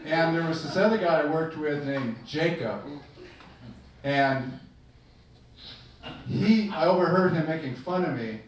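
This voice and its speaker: A man's voice: fairly high pitch, expressive, measured pace, long pauses. An older man performing a self-deprecating stand-up comedy set on a club stage, with a dry delivery. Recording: echoey club with far mic and loud noise.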